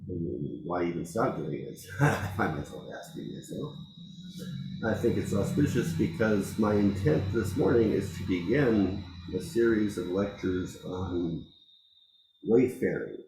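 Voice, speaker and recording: A man giving a dharma talk as a Zen teacher, reflective and unhurried, pausing often and laughing softly. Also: deep voice, expressive, roomy sound, background noise. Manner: slow, reflective, with frequent pauses and soft laughs.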